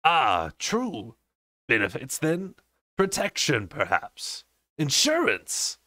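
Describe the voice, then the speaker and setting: A man voicing a fat, patronizing male creature moneylender with a deep, wide, oily drawl. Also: wildly swooping pitch, bright, forceful tone, no room sound, heavily acted. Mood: seething. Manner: patronizing, slow and drawn out.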